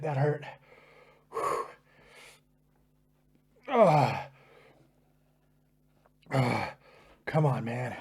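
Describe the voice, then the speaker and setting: A man's voice: a little high, darkish tone, husky. A man hosting a live stream, groaning and swearing while his mouth burns from a hot pepper.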